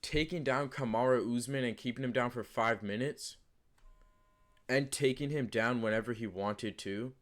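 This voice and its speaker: A man's voice: medium pitch, normal speed. A man talking casually to camera as the host of his own channel. He rambles through his predictions with lots of fillers, restarts and emphatic repeats. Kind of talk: casual unscripted commentary.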